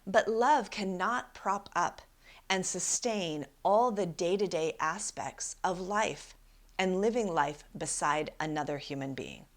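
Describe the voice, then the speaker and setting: A woman's voice: lowish voice, takes it slowly. A woman life coach hosting a podcast, telling a personal story and giving relationship advice in an emphatic, conversational way, often asking "right?". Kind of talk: solo podcast talk.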